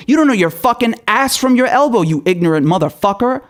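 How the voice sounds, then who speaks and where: A man's voice: high-pitched, animated, fairly quick. A man who is a political commentator, delivering an angry and profane rant full of rhetorical questions. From Syria.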